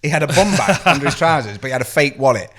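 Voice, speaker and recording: A man co-hosting a podcast, telling scary stories in animated casual chat, swearing freely and acting out voices. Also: mid-range voice, rapid-fire. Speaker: podcast co-host.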